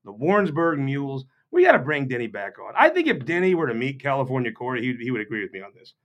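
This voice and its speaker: A man's voice: mid-range voice, sing-song, quick pace, fairly bright tone, highs cut off. Sardonic, rambling man from Missouri. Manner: sardonic, joking and rambling, with mocking asides. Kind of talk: off-the-cuff humorous political talk.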